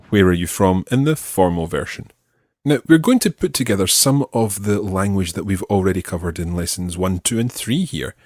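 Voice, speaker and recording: A man teaching an audio lesson, speaking slowly and deliberately and repeating phrases for learners. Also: on the low side, darkish tone, no echo, clean studio sound. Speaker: language teacher.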